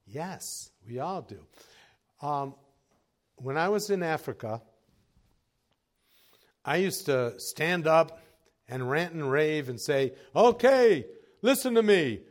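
A man preaching a sermon as pastor, telling folksy stories with chuckles and moving from quiet asides to raised exhortation. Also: a little high, lively intonation, slow, pauses often.

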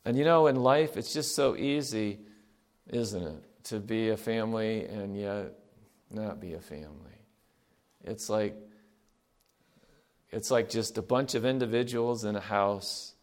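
A middle-aged man preaching a sermon in an earnest, emphatic way, repeating key phrases, asking the congregation to fill in words, and swinging between loud and soft. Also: lowish voice, unhurried, long pauses. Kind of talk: sermon with call-and-response.

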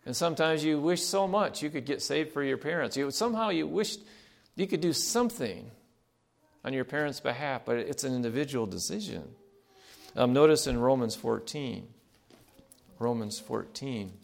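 A male pastor preaching a sermon. He reads scripture and asks the congregation questions, slows down for emphasis, and lets his voice drop low and quiet at the ends of phrases. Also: animated, creaky.

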